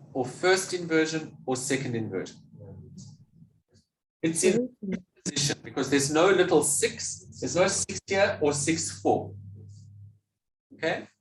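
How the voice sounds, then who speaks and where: A man's voice: on the high side, slight background noise. A man giving a music theory lecture, patiently asking questions and answering them himself. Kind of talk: classroom lecture. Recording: echoey room, mic at a distance.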